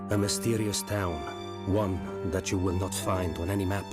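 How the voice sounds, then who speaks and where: A formal young detective in danger, played by a man speaks in a measured, deliberate tone. His voice sits low. Loud game music plays under him. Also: little pitch movement, natural voice. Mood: grave. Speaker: game character reading a letter. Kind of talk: scripted voiced dialogue.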